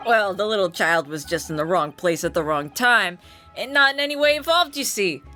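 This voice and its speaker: A woman's voice: mid-range voice, lively intonation, moderate pace, pushed and bright. A woman voicing a brash male Irish courtroom suspect, her put-on Irish sliding into a New York accent, over game music. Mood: defiant. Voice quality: slangy, boisterous, pleading.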